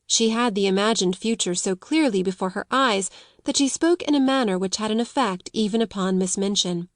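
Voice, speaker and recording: A woman narrates a classic novel in a measured audiobook style. Her voice sits at a middle pitch. The recording is dry, with no room echo. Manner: measured storytelling. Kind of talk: scripted narration.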